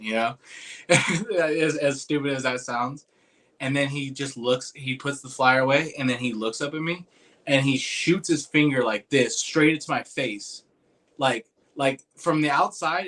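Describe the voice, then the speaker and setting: A young man in casual chat, telling a long story, acting out the other people's lines with lots of restarts. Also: mid-range voice. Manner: animated, acts out quoted voices, rambling with restarts. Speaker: podcast host telling a story.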